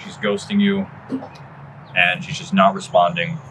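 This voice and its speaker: A man's voice: deep voice, sing-song, a little slow. Young man directing on a noisy set. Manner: encouraging, casual. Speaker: film director. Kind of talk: directing an actor.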